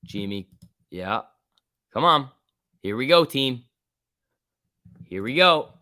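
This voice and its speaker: A man hosting a live market stream talks casually over a close mic. His voice sits at an ordinary middle pitch, and the sound is dry with no room echo. He jokes and reads viewer messages aloud. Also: expressive, slow pace, sharp tone. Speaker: livestream host. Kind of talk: live market commentary and chat reading.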